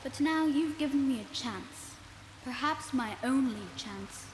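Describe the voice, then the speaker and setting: A woman's voice: high voice, animated, measured pace, a little hiss or hum. A woman voicing an earnest young boy emperor in a video game, speaking formally with a put-on British-sounding accent. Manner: formal, urgent, pleading. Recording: roomy game audio with loud music.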